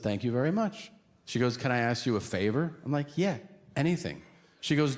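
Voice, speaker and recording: A middle-aged stand-up comedian with a mid-range voice performs before a live audience at a comedy venue. He tells lively stories, acting out both sides of each conversation, and the live hall recording picks up audience noise.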